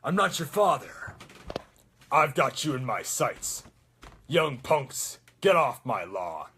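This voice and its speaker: A man voicing a grumpy old male soldier with a gruff, wheezy voice. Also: medium pitch, big pitch swings, slow, bright, forceful tone, a little hiss or hum, full character voice. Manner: grumbling, scolding.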